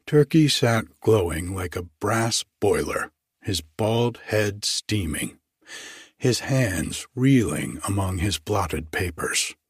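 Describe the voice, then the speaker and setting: A man narrates classic fiction in a slow, deliberate, formal cadence. His voice sits low and husky. The sound is close and dry. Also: animated, no echo. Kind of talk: audiobook reading of classic fiction.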